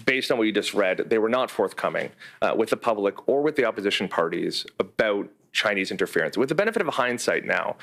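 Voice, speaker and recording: A man's voice: on the low side, a bit bright. A male reporter at a press conference, asking probing follow-up questions with some hesitation.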